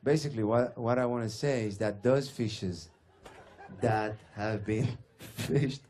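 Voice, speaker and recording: A man with a French accent performing stand-up comedy in a comedy club, with an animated, punchy delivery. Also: mid-range voice, measured pace. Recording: noisy club recording.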